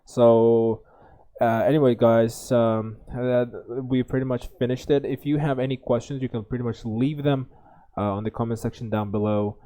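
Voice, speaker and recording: A man with an Uzbek accent walks through exam reading questions, thinking aloud. His voice is mellow and dark, and he pauses often with fillers and restarts. His pitch sits in the middle for a man. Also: steady tone. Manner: hesitant, many fillers and restarts. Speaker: IELTS tutor.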